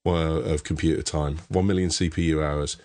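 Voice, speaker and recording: A man's voice: rumbling low, steady tone, fairly quick, darkish tone. A man from England with a Birmingham accent, hosting a casual tech podcast and rambling through sponsor thanks with plenty of restarts. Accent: Birmingham English. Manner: chatty, rambling with many restarts and laughs. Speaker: podcast host.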